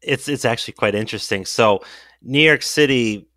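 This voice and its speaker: A man who reviews cider, speaking as a guest in a relaxed, chatty way and repeating words as he goes. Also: medium pitch, moderate pace, no room sound, studio quality. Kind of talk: casual interview talk.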